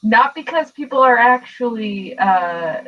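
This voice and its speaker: Wry co-host on a video call, slightly high voice, faint room ambience. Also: female voice, animated, measured pace, recorded from a distance, lo-fi sound, a little hiss or hum. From Boston area, United States. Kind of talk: casual group chat over video call.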